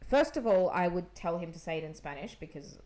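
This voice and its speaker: A young adult woman co-hosting a casual podcast chat, calm and explanatory, often agreeing. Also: on the low side, fairly quick, a little hiss or hum. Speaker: podcast co-host.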